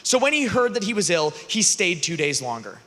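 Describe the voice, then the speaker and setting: A high, bright male voice delivering a lively, joking sermon to young people. He retells the scripture story and slips into playful character voices. The sound carries a long echo from a large hall. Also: a little fast. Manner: animated, joking, acts out characters. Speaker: youth conference speaker. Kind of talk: humorous preaching and scripture storytelling. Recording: long reverb of a large venue.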